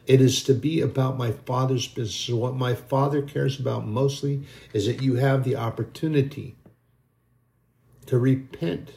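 Man, preacher, gravelly voice, impassioned sermon, mid pitch. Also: dark tone. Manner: impassioned, repetitive preaching with spoken prayer.

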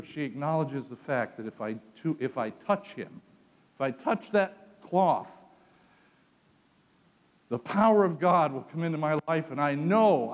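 A man preaching a sermon, telling the story dramatically and swinging from hushed lines to loud ones. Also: on the high side, long reverb tail.

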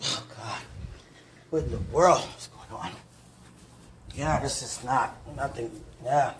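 A former minister in an emotional live chat, overwhelmed and distressed, murmuring prayers to calm down. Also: medium pitch, takes it slowly. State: distressed, tense. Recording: noisy recording with clicks.

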